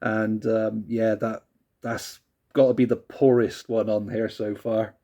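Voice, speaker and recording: A man's voice: fairly low pitch, level tone, a little slow, dark tone. A man casually reviewing music tracks, laid-back and rambling, who laughs often and swears casually.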